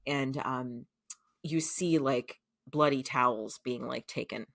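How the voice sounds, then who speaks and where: In a dry, studio-quality recording, a woman from the United States speaks slowly with an extremely low-pitched, fairly bright voice. Co-hosting a podcast, she casually recaps a show, swearing freely and leaning on fillers like "like" and "um."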